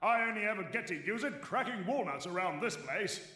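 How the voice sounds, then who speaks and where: A bluff old warrior of a video game, all British bluster and cheer. The voice rides high and bounces through its pitch, bright and forceful, and sounds set back from the mic in an echoey room. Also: male voice, animated, fairly quick. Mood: hearty. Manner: blustery, booming, chummy. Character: hearty old male warrior hero, gruff and jovial. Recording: roomy game audio from a distance.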